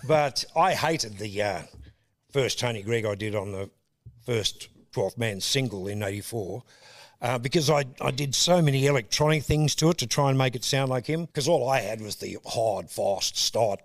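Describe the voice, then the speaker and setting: Animated Australian man in his sixties. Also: medium pitch, moderate pace. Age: 60s. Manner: animated, laughs often, breaks into voices. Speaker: guest, comedian. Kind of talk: casual storytelling interview.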